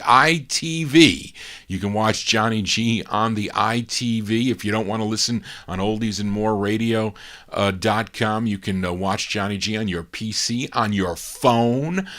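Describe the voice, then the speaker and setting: A man's voice: lowish voice, pushed and bright. An older man hosting an oldies radio show, chatting casually between records with fillers and repeated details.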